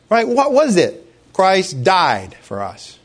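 A male pastor delivering an impassioned sermon, his fairly high voice leaping up and down as he presses rhetorical questions on his listeners. He swings between hushed lines and sudden forceful bursts. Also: slightly rough.

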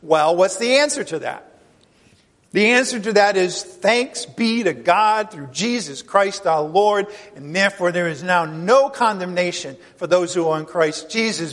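A man's voice: high voice, lively intonation, unhurried, a bit bright, long reverb tail. A man preaching a sermon, emphatic and full of rhetorical questions to the congregation. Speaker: pastor.

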